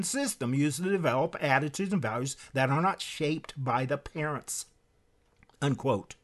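Guy preaching hard, kinda high voice, gets loud then drops low, reads quotes out. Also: animated, a little slow. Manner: emphatic, with sharp swings in pitch and loudness; reads quotes aloud from a book. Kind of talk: impassioned sermon-style lecture.

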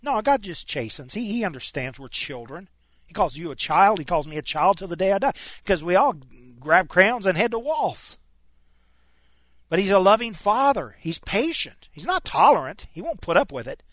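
Emphatic male preacher, lively high voice. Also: moderate pace, dry recording. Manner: emphatic, frequent stammered restarts. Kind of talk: sermon.

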